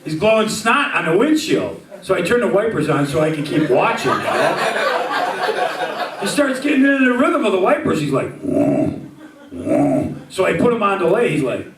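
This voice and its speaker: High-voiced man telling crude jokes live. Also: very animated, normal speed, over a noisy crowd. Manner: crude, chuckling through his own jokes. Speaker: comedic performer. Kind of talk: live comic storytelling to an audience. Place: live venue with a crowd. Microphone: handheld microphone. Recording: echoey, distant, over loud guitar music.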